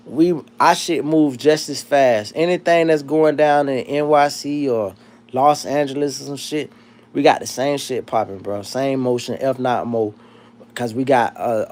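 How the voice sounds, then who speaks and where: Profane, animated man. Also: medium pitch. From South Florida. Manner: profane, animated, rambling with restarts. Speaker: livestream host. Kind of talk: casual livestream chat reading comments.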